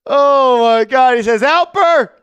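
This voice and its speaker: A man hosting a fan live stream, calling plays and giving chat shout-outs, bursting into shouts and sing-song calls on big shots. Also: very high-pitched, slow, lo-fi sound, a little hiss or hum. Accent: New York. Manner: shouts and sings-along on made baskets, then calmer commentary.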